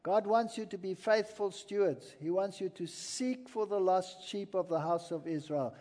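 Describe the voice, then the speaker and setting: Preacher, male, high tenor, slow deliberate delivery, live in a hall with long reverb. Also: warm tone. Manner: earnest, emphatic, storytelling. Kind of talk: sermon. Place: large hall with an audience.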